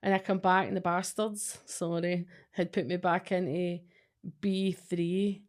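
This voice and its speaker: A woman's voice: fairly low pitch, flat delivery, measured pace. Blunt Scottish woman, sweary storyteller. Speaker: podcast co-host, psychic. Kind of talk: casual chat.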